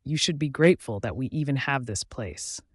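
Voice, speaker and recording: A man's voice: mid-range voice, lively intonation, a little fast, breathy edge, no room sound, studio quality. A man voicing an arrogant young male werewolf alpha who mocks and taunts his rivals. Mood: smug. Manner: mocking, taunting.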